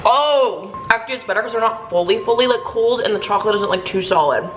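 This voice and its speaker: A woman's voice: mid-range voice, rapid-fire, muffled recording, background noise. A young woman from Canada chatting casually and cheerfully while cooking in her home kitchen, with dishes and cutlery clinking behind her. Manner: chatty, bubbly, talks with mouth full. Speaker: vlogger. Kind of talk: casual cooking vlog chat.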